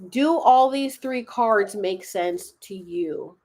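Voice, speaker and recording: A woman's voice: mid-range voice, lively intonation, takes it slowly, a little mellow. A woman hosting a casual livestream, chatting with viewers, swearing and laughing as she pulls oracle cards and reads them aloud. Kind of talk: casual livestream chat with card readings.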